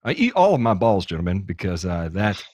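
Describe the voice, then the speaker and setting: A man's voice: low-pitched, sing-song, a little fast, a little mellow, no room sound. A man hosting a podcast in casual chat, joking and teasing his guests and swearing freely. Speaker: podcast host.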